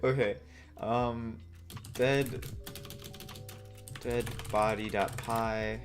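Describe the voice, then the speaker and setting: A man's voice: mid-range voice, steady tone, extremely slow, music in the background. A man live-streaming as he codes, rambling and joking as he thinks aloud. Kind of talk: casual live-coding stream.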